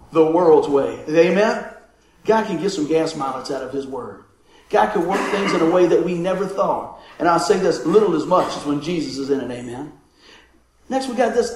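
Folksy pastor, echoey room. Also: male voice, sits high. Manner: folksy, lively, laughing often, calling for amens. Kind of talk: sermon.

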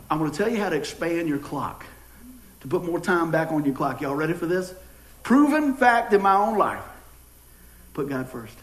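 A middle-aged pastor, preaching a sermon with jokes and folksy storytelling. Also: male voice, on the high side, moderate pace. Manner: folksy, joking, animated storytelling. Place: church sanctuary. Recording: echoey church room.

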